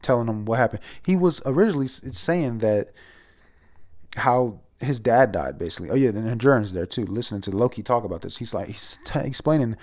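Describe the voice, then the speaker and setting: A man's voice: medium pitch, expressive, brisk, a little mellow. A young man casually reviewing a comic chapter, rambling and profane with lots of restarts. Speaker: manga reviewer.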